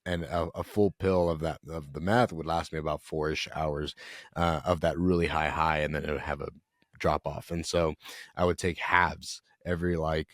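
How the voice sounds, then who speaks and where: A young man speaks low and deep, his voice recorded dry with no room sound. He tells an emotional personal story as a podcast guest. His delivery is earnest and halting. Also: steady tone, no echo. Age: young adult.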